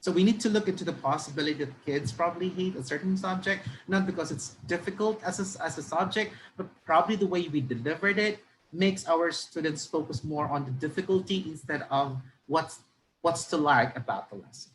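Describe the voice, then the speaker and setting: Filipino-accented teacher giving a slow, deliberate lecture. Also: medium pitch, slight background noise. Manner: switches between English and Tagalog; speaks slowly and stresses key words. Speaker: teacher trainer. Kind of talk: live online lecture.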